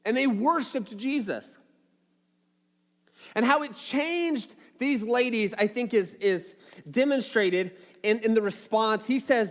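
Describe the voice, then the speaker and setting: A man's voice: extremely high pitch, measured pace. A man preaching a sermon as a pastor, casual and playful, acting out little asides as he tells the story. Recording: long hall reverb.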